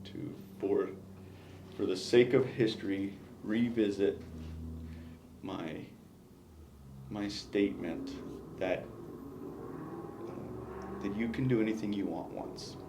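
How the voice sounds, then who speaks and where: A gravelly man with a low voice talks in an exit interview. He reflects on his time as a battalion chief, stressing his points with emphasis and frequent restarts. The room sounds echoey, with faint noise behind. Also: slow pace, pauses often. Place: indoor meeting room.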